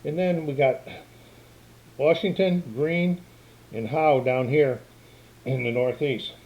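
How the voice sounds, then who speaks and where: A man's voice: a little high, slow pace, lo-fi sound. Older man plainly explaining a board game. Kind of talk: casual tabletop game walkthrough. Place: room at home by a game table. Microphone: camera microphone.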